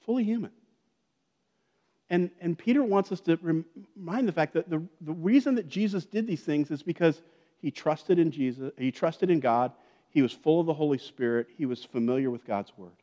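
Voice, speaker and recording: A pastor with a fairly high, slightly mellow voice preaches a conversational sermon, dropping in jokes and often checking in with "okay?" and "right?". The long reverb of a large hall surrounds him.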